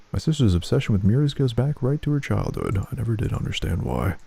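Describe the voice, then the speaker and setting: A man's voice: fairly low pitch, wildly swooping pitch, fairly quick, vocal fry, warm tone, slightly rough. A young man playing a game, reading its text aloud and making crude, sardonic remarks. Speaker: let's play gamer. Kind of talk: casual game commentary and reading.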